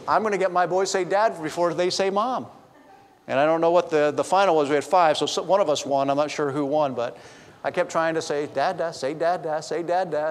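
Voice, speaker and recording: A long reverb tail and a bit of hiss or hum surround a middle-aged pastor's slightly high voice as he preaches in a church sanctuary. His sermon mixes humorous family storytelling with chatty back-and-forth with the congregation.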